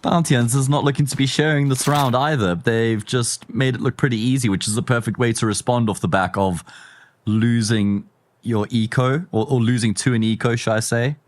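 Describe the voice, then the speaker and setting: A man with a South African accent giving live play-by-play commentary on an esports match, animated and jumping up in pitch when excited. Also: normal speed, no room sound. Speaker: esports caster.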